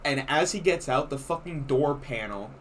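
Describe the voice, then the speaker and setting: A man's voice: medium pitch, moderate pace. Young guy ranting through a story on a podcast, cussing constantly, bit of hiss behind him. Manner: swears a lot, animated storytelling. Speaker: podcast co-host. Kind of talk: casual chat.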